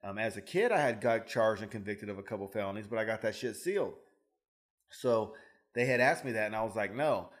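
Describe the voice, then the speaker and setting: A man's voice: lowish voice, expressive. A man co-hosting a podcast, telling his own stories in casual chat with plenty of swearing. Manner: fast, profane storyteller. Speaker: podcast co-host.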